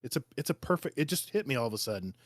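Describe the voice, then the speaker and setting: Excitable man guesting on a gaming podcast. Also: medium pitch, rapid-fire, no echo. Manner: excitable, emotional, enthusiastic. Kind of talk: casual gaming podcast chat.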